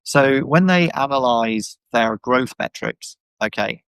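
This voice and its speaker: A man with a gravelly, creaky voice talks as an animated podcast guest, often slipping into quoted voices of the people he describes. His speech is full of "you know" and "um", and he sounds dry and close on a video call mic. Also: mid-range voice, takes it slowly, no room sound, low-quality recording. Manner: animated, acts out quoted voices, many fillers. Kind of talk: casual conversational discussion. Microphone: video call microphone.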